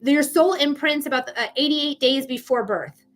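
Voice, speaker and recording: A woman's voice: high voice, normal speed, faint music behind. A woman psychic giving a casual live-stream reading, chatty and blunt, swearing freely. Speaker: psychic reader.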